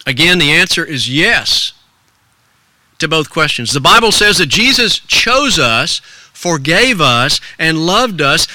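An older man, a pastor, preaching an earnest sermon in a storytelling way. He drops to soft hushes, then rises with stirring emphasis. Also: a little high, no room sound.

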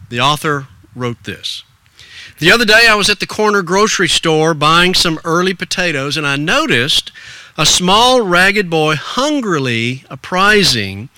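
Older male pastor preaching with a lively, swinging delivery and a bright, dry sound. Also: on the high side, no room sound. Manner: earnest and storytelling, swinging between soft hushes and stirring emphasis. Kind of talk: sermon.

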